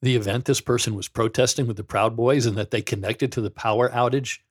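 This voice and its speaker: A man's voice: medium pitch, steady tone, brisk, breathy edge. A middle-aged man, a former pastor, hosting a podcast in a sarcastic, mocking monologue, reading quotes aloud with dramatic flair. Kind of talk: sardonic monologue.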